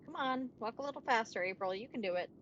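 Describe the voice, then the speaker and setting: A woman streaming a game, chatting and coaxing in a playful, easy way. Her voice is fairly high and bright. The sound is a little dull, with a faint hiss underneath. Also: animated, fast talker. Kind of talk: casual gameplay commentary.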